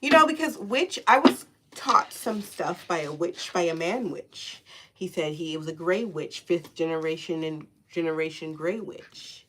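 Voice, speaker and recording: A woman giving a casual spiritual tarot reading, loose and profane, laughing often and stretching out soft repeated words. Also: on the low side, lively intonation, a little slow, a little hiss or hum. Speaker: tarot reader.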